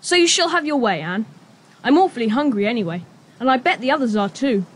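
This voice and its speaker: Julian, a calm boy. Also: fairly high pitch, brisk. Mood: amused. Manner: calm, reassuring, gently teasing. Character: sensible boy Julian, leader of the group. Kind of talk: audio drama acting.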